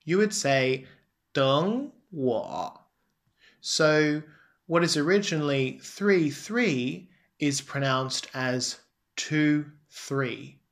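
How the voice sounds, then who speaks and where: A woman teaching a spoken Chinese lesson, enunciating slowly and deliberately with exaggerated tones. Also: deep voice. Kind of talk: slow scripted language lesson.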